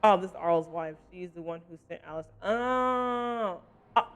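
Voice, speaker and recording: A woman's voice: on the low side, unhurried, smooth. A woman streaming a game live, joking and laughing often in playful commentary.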